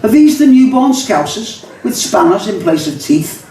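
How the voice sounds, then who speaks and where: An older man with a Liverpool accent reads rhyming poems to a pub audience, mixing chatty asides into the verse. His voice sits fairly high. It is heard from a distance with heavy room echo. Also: big pitch swings, normal speed, darkish tone. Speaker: poet and songwriter. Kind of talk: live poetry reading. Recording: echoey pub, mic far off.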